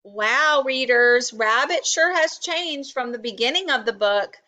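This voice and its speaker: A woman's voice: high voice, expressive, a little slow, sharp tone. A woman teacher doing an interactive read-aloud lesson for children, stopping to ask them questions. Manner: addresses children, asks questions.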